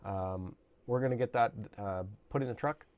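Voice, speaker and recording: A man hosting a hobby channel, explaining a model build in a casual, rambling way with lots of fillers, his voice a little hoarse. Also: medium pitch, moderate pace, lo-fi sound. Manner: rambling, many fillers and restarts. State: slightly hoarse, losing his voice. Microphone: camera mic, at times handheld camera.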